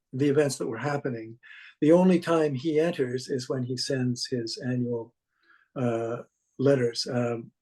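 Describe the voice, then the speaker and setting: A Canadian man, an author and documentarian, answering interview questions in a halting way with many restarts and fillers. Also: mid-range voice, warm tone, poor audio.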